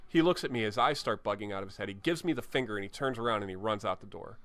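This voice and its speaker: A man's voice: on the low side, racing, fairly bright tone, no echo. A tattoo artist telling candid, profane stories from his shop in an interview, often restarting his sentences. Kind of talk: storytelling in an interview. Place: tattoo studio.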